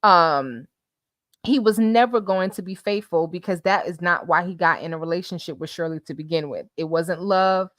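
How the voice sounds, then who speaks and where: A woman hosting a casual live stream, reading messages and viewer comments aloud with animated, laughing commentary. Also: lowish voice, moderate pace, no echo, studio quality.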